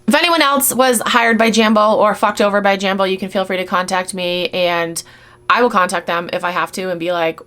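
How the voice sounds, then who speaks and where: A woman's voice: mid-range voice, steady tone, fairly quick, fairly bright tone. Blunt, swearing woman reseller vlogger. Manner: blunt, swears freely, exasperated. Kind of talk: casual rant commentary.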